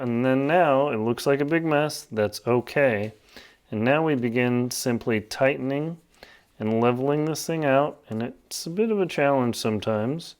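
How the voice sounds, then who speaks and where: Smooth-voiced man teaching a knot. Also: medium pitch, darkish tone. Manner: plain, practical, hands-on demonstrating while talking. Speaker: outdoor skills instructor. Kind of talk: casual knot-tying tutorial.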